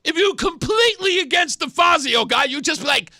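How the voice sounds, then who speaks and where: A man's voice: very high-pitched, expressive, normal speed, pushed and bright, no room sound, studio quality. A man hosting a talk radio show, giving sarcastic political commentary and laughing often. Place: radio studio.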